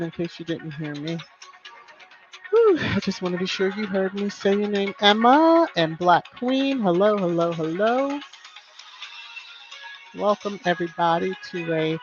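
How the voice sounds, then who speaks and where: A woman hosts a casual live stream, chatting easily and calling out viewers' names in a lilting, sing-song way. The recording is slightly muffled. Soft background music plays under her voice. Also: fairly low pitch.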